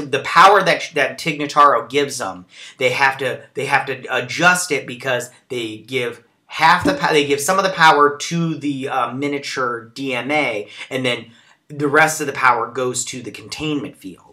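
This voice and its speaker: A man's voice: medium pitch, moderate pace, pushed and bright. A man hosting a casual episode recap and review, chatty and rambling with lots of fillers. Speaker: show recap host.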